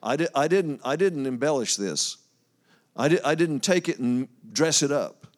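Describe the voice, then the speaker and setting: Guy preaching a sermon, folksy and chatty, bit of a higher voice, reads scripture and jokes with the crowd. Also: lively intonation, normal speed. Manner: folksy, talks to the congregation, loses his place and laughs. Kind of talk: sermon, reading and explaining scripture.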